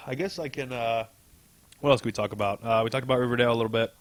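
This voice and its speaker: A man's voice: mid-range voice, brisk, slight background noise. A man co-hosting a podcast, casually recapping a comic with a rambling, laughing delivery and casual swearing. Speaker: podcast co-host.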